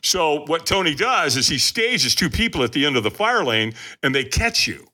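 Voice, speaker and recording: A man who is a podcast guest, telling a story in an animated, emphatic way and often addressing his listeners directly. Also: on the high side, normal speed.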